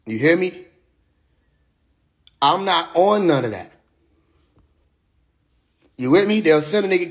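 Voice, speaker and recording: Black guy on a phone live stream, voice a bit high, laid-back streetwise talk, cusses and laughs a lot. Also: animated, a little slow, pauses often. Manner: loose, streetwise, profane, laughs often. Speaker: livestream host. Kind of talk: casual livestream monologue. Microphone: phone livestream.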